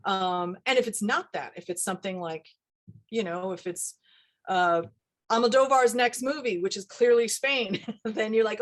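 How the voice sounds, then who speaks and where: Woman, middle-aged, dialect coach, casual interview, animated asides. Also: mid-range voice. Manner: animated, quick asides, laughs often.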